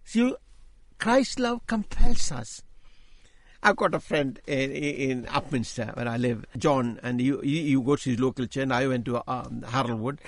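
An older man giving an emphatic sermon-style testimony, repeating key phrases, his voice rising as he gets excited. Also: medium pitch, normal speed, hardly any pauses. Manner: voice rises when speaking with excitement. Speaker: Christian speaker giving testimony.

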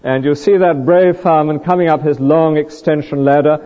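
A man's voice: on the high side, fairly even intonation, brisk, big-room sound, lo-fi sound. A man preaching a sermon, earnest and full of rhetorical questions and vivid stories.

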